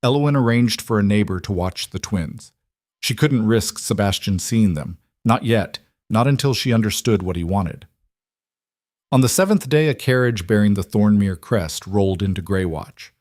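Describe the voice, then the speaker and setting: A man giving a scripted narration of a romance story in a steady, even way. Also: on the low side, normal speed, no room sound, clean studio sound.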